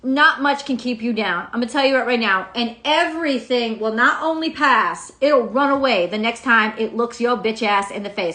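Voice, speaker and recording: A woman's voice: on the high side, animated, measured pace, pushed and bright. A woman giving a casual daily tarot reading. She rambles, swears freely and laughs often. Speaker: tarot reader. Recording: roomy echo.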